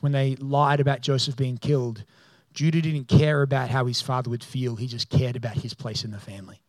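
A man, a pastor, preaching a sermon as a storyteller who acts out the people in the story and grows loud and excited. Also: mid-range voice, no room sound.

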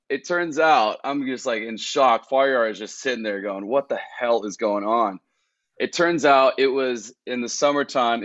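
A man telling a travel story in casual podcast chat, animated and laughing often. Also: mid-range voice, dry recording. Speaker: guest. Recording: dull, dry lo-fi sound.

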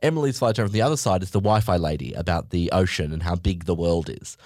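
A man's voice: low voice, fast, a little mellow, no echo, clean studio sound. A man hosting a podcast, telling a comedic story in a sweary, mock-outraged way.

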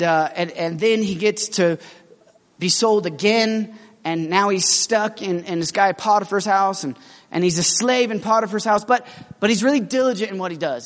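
A man preaching a sermon in a casual, animated storytelling manner, acting out his characters' lines, with lots of fillers and restarts. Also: high-pitched, big-room sound.

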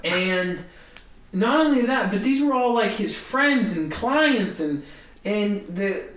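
High-voiced man telling a comic story. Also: takes it slowly, echoey room, recorded from a distance. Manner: animated, self-mocking storytelling. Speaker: comedian guest. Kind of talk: storytelling conversation.

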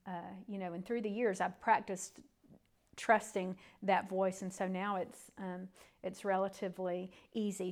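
A woman, the pastor's wife, speaking softly and hesitantly as she shares her experience during a sermon. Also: mid-range voice. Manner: soft-spoken, hesitant with fillers. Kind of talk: sharing in a sermon.

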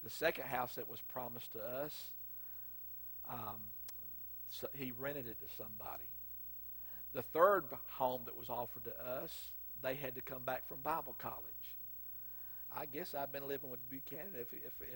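A man's voice: medium pitch, normal speed, a bit bright, slightly rough. A middle-aged man with a Southern US accent preaching a sermon, telling folksy stories with sudden emphatic bursts. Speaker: pastor.

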